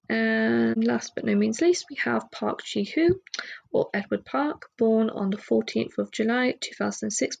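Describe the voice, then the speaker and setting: Gravelly, husky woman chatting on a podcast. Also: on the high side, poor audio. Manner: rambling, chatty, with frequent fillers and asides. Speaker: podcast host. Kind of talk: casual solo podcast chat.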